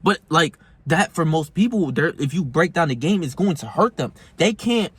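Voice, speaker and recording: A man's voice: a little high, animated, normal speed, slightly rough, no room sound. A young man talking straight to his viewers in a brash, slangy, profane way, getting heated as he goes. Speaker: self-help vlogger. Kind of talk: casual monologue to camera.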